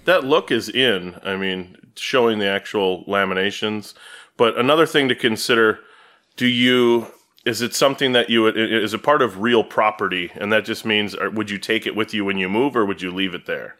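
A man from Wisconsin co-hosting a woodworking podcast, telling stories with jokes and quick laughs. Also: fairly low pitch, sharp tone. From Green Bay, Wisconsin, USA. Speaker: podcast co-host. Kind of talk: casual chat.

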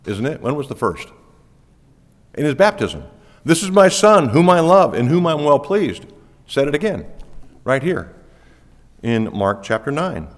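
Animated male pastor preaching in a hall. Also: medium pitch. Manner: lively, animated preaching with laughs. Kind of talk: sermon. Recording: long reverb of a church hall.

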